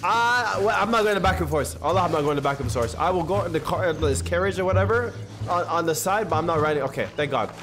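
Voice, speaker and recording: A young man livestreams a game, loud and animated, swinging between shouting and low muttering as he talks to his chat at a quick pace. It's live gameplay commentary with slight background noise.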